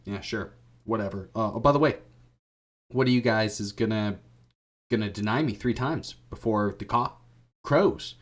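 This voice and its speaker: A man's voice: moderate pace, pauses often, close to an everyday voice. A man voicing a casual, laid-back male Jesus with slangy bro-speak in comedic storytelling. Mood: nonchalant. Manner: nonchalant, low-key, slangy.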